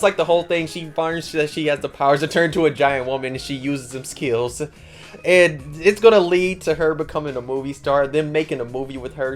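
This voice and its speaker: A man casually talking through a manga plot in slangy, animated speech that gets loud when he is excited. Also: medium pitch. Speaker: manga reviewer.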